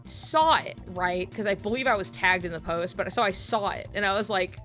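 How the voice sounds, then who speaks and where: A woman's voice: medium pitch, normal speed, a bit bright, faint music behind. A woman streaming at home while drawing, telling a long story to her chat in a rambling, casual way with lots of fillers and laughing asides.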